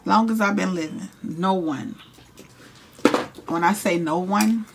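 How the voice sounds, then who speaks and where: A young woman, casually telling a profane, animated story while doing her makeup. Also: medium pitch, slow, a little hiss or hum. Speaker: hairstylist and vlogger.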